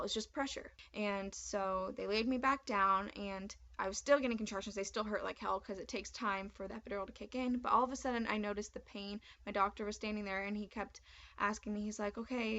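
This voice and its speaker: Young woman, vlogger, candid storytelling, chatty, mid pitch, slightly muffled lo-fi audio. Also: slight background noise. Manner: chatty, candid, animated retelling with frequent "like". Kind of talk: personal storytelling to camera.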